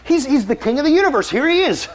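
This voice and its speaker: A man voicing a frantic woman fussing over housework, talking in a shrill, breathless rush. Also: very animated. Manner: shrill, breathless, rapid complaining. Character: frantic, fussing woman host rushing to clean.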